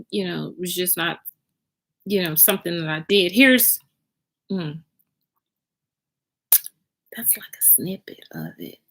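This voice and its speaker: A woman's voice: mid-range voice, fairly bright tone. A woman telling her own story in a candid confessional vlog. She rambles, restarts and repeats herself, swears freely and flares up in agitation.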